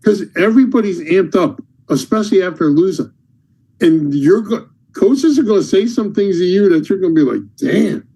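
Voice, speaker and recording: A man hosting a casual podcast conversation, telling animated stories and acting out angry coaches. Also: sits high, fairly quick, husky, rough recording. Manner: animated storyteller, acts out shouting coaches. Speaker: podcast host and basketball coach.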